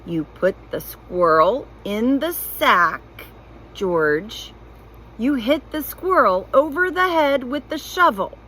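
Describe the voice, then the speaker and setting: A stern, impatient middle-aged mother from a storybook, as a woman reading aloud puts her on. She lays out her words slowly and firmly, as if spelling them out, with a lively, swooping voice. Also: medium pitch, breathy edge, exaggerated voice, rough recording. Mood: insistent. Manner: slow, insistent, spells words out.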